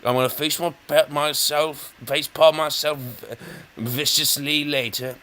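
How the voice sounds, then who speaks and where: A man's voice: on the high side, steady tone, measured pace, bright, forceful tone. A man giving casual commentary on a brain-training game, reading on-screen text aloud and joking about it. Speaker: let's player.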